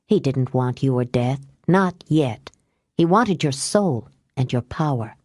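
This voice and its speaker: A woman voicing a wise, calm witch who speaks quietly and measured. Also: a bass voice, no room sound, studio quality, voice pushed down, exaggerated voice.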